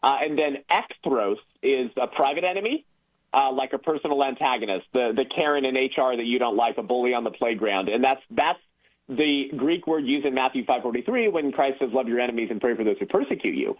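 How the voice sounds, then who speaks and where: A man's voice: medium pitch, brisk. A man calling in as a guest on a radio talk show, explaining at length with frequent fillers. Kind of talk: casual radio conversation. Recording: tinny phone line.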